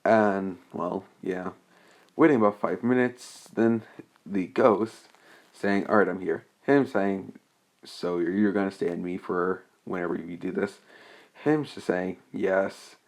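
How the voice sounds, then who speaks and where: Young man, low-ish voice, unscripted fan story recap, hesitant, rambling delivery. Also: fairly even intonation, slow pace. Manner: rambling and hesitant, many restarts and fillers.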